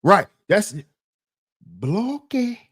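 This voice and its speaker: A man's voice: high voice, big pitch swings, very slow, slightly rough. A man hosting a commentary channel, talking in a casual, slang-heavy, emphatic way.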